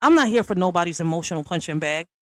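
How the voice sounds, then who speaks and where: A woman's voice: lowish voice, animated, fast, dry recording. Woman going off on a stream, blunt and cussing, dry close mic. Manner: blunt, profane, confrontational. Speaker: livestream host. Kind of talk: ranting monologue to viewers.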